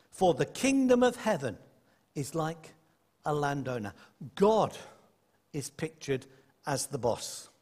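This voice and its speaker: A man delivers a sermon in a high, animated voice that rises and falls constantly. He talks to his congregation in a conversational way and drops in playful asides. His voice rings with a long reverb in a large hall. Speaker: preacher. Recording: echoey hall.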